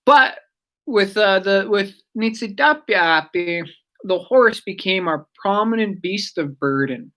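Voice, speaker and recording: A woman giving a casual radio language lesson, chatty and digressive, repeating words slowly for learners. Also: medium pitch, lively intonation, fairly bright tone.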